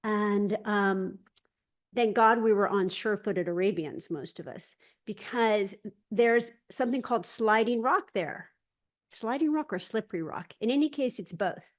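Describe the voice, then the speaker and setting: A woman hosting a spiritual gathering over a video call. She tells a personal story in a lively, casual way, acts out other people's lines as dialogue and often restarts her sentences. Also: medium pitch, a little slow.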